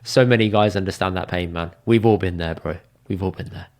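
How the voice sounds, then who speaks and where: A young man, co-hosting a laid-back podcast. He talks in a fairly low voice and teases his friend bluntly, with swearing slipped into the banter. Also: a little fast. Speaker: podcast co-host. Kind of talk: casual chat.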